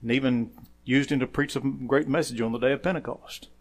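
A man preaching a sermon as pastor, quoting scripture, saying "amen" often, rising to loud emphatic phrases and dropping quiet for asides. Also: fairly even intonation, a little fast. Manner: emphatic preaching that swells louder on key phrases and drops low and quiet for asides; quotes scripture with frequent "amen".

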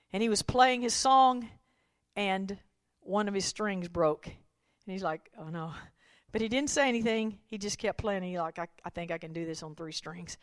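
A woman preacher gives a sermon, swinging from folksy storytelling to shouted, rhythmic climaxes. Her voice is fairly high, and the recording has no room sound.

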